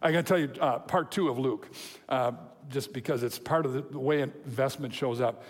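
A man preaching a sermon, telling a story with lively quoted voices and chuckles. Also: mid-range voice, moderate pace. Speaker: pastor. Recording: long hall reverb.

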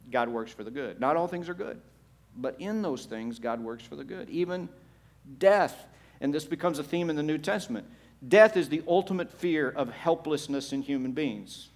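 A man pastor preaching a sermon, swinging between quiet, low passages and loud, emphatic ones, with rhetorical questions to the congregation. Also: expressive, normal speed.

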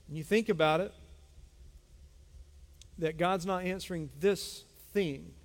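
The voice belongs to a middle-aged pastor, pitched on the high side and a little mellow. He preaches emphatically, repeating lines and calling out to the people in the pews. The sanctuary adds a long hall reverb.

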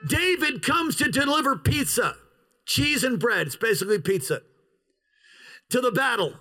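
A man in his fifties delivers a sermon with a high, bright, sharp-edged voice. He swings his pitch widely, lurching into shouts and then slowing to a drawn-out crawl to hammer each point home. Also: low-quality recording. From United States. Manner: animated preacher, bursts into shouts, slows for emphasis. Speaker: pastor.

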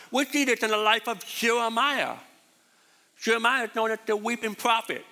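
A man's voice: extremely high pitch, moderate pace. A man preaching a sermon as pastor, repeating his points with emphasis in a church hall. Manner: repetitive, emphatic, animated. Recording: reverberant hall.

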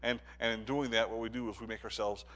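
Bright-voiced preacher man, stammering. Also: on the low side, little pitch movement, quick pace. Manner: repeats words, builds from quiet to urgent preaching; stammering restarts. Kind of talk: sermon.

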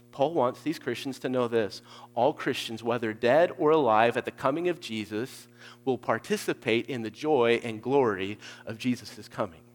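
Fervent preacher man, hall echo. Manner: swings between hushed low lines and loud emphatic peaks. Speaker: pastor. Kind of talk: expository sermon. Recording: long hall reverb.

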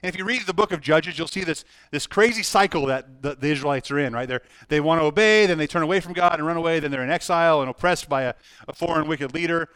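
A middle-aged pastor preaching a sermon, telling a personal story earnestly with frequent restarts. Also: male voice, on the high side, fast, a bit bright, clear, resonant tone, dry recording, studio quality.

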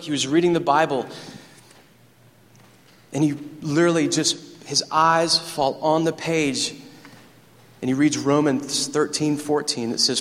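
A man preaching a sermon as pastor, telling stories with rising excitement. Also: on the high side, in a large hall. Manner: animated, storytelling preacher who gets excited. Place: church sanctuary.

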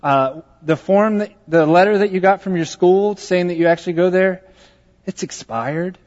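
A man's voice: high voice, moderate pace, a little mellow, natural voice. A man quoting a sheepish counter clerk lady. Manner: sheepish, apologetic. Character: apologetic woman clerk at a counter. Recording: dull sound in a large reverberant hall.

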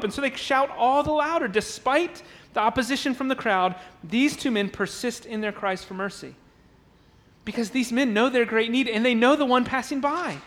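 A man's voice: extremely high pitch, moderate pace, a bit bright, long reverb tail. A man preaching a sermon in a church, emphatic and repeating words as he builds his points, now and then acting out the crowd's voices. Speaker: pastor. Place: church sanctuary.

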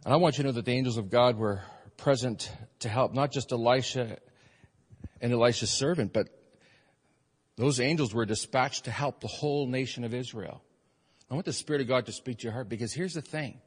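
A man preaching a sermon as pastor, emphatic, swinging between loud urgent passages and quiet earnest ones. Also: mid-range voice, brisk, slightly rough, in a large hall. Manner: emphatic preaching, rising and falling in force.

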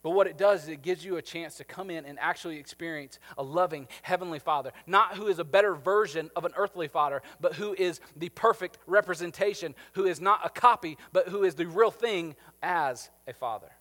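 A man's voice: on the high side, fairly quick, hardly any pauses, fairly bright tone. A man in his thirties preaching a sermon, talking conversationally and checking in with the congregation. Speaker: pastor. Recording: long hall reverb.

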